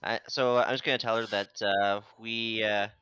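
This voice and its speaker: Guy at a tabletop game, lowish smooth voice, dry dull sound, kinda halting. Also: steady tone, sharp tone, dry recording. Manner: hesitant, halting. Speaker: player. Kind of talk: casual tabletop play.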